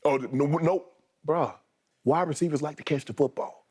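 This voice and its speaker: A man with a high-pitched voice argues football on a sports debate show. He is emphatic and scolding, and he repeats his points to drive them home. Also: expressive, moderate pace, breathy edge.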